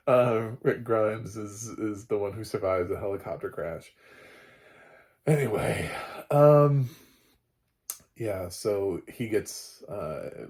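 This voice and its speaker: A man's voice: on the low side, darkish tone. A man casually recapping a TV episode, rambling with lots of fillers and frequent laughter. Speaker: TV show reviewer.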